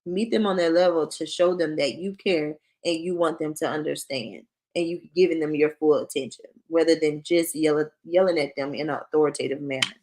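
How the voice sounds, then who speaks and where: A woman's voice: deep voice, a little fast, darkish tone. A woman who works as a school counselor, giving a conversational parenting workshop and acting out short parent-child exchanges. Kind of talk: presentation to parents.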